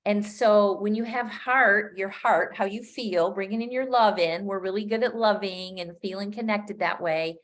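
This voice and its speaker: A woman's voice: medium pitch, moderate pace, hardly any pauses. A middle-aged woman with a mid-range voice talks through a live coaching session over a webcam mic. She is upbeat and chatty, and she speaks off the cuff with easy restarts and fillers. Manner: chatty and upbeat, laughs at her own slips; loose and unscripted, with frequent fillers and restarts. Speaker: business coach. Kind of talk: live-streamed coaching talk.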